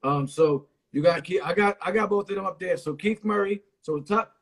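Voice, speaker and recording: A podcast host leans into loose, slangy banter. His man's voice is husky and sits a bit high. He sounds easygoing as he steers the talk. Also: normal speed. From Connecticut. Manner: laid-back slangy banter. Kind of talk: casual interview chat.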